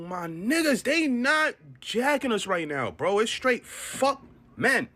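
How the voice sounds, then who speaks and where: A man's voice: sing-song, measured pace, bright, forceful tone. A man with a New York accent ranting in heavy slang, exasperated and swinging his voice up and down. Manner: exasperated, heavy slang, swings between high and low pitch. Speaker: man ranting in a viral clip. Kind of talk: animated street-talk rant.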